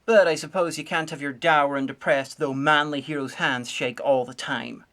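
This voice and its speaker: A woman giving a sarcastic, nitpicking comedic review, full of deadpan asides. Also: low-pitched, moderate pace, noisy background. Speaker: video reviewer.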